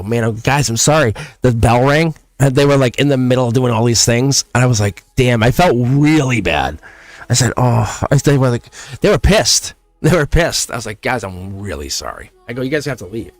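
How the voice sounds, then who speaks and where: A man's voice: medium pitch, fairly bright tone, dry recording. A middle-aged man hosting a live tarot stream in casual chat, rambling, laughing often and saying "like" constantly. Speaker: tarot reader and livestream host.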